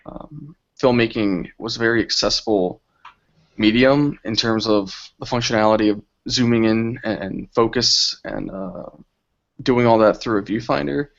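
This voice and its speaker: A young adult man, a filmmaker and interview guest, describing his experiences in a relaxed, reflective way. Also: medium pitch, normal speed, creaky, highs cut off. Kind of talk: casual interview answers.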